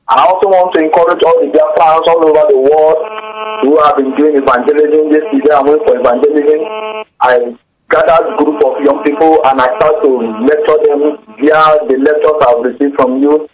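Preaching Nigerian male radio caller. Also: a little high. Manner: preaching, emphatic, scripture-quoting. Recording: muffled radio phone line.

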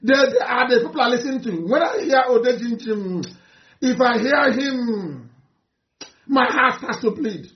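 A man with a Nigerian accent giving an impassioned speech, fiery and mocking, swinging from shouts to low mutters. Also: animated, unhurried. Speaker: activist leader addressing supporters. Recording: roomy, dull lo-fi recording.

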